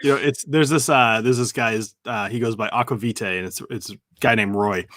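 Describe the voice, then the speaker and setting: A man's voice: mid-range voice, steady tone, fairly quick, a bit bright, no echo, studio quality. A man hosting a casual interview, who laughs easily and keeps the chat loose and jokey. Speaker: interview host.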